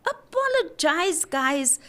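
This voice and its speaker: An earnest woman talks about marriage in a preaching, heartfelt way, often repeating herself. Her voice sits high and her pace is slow and deliberate. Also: big pitch swings, sharp tone. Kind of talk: casual faith-based chat.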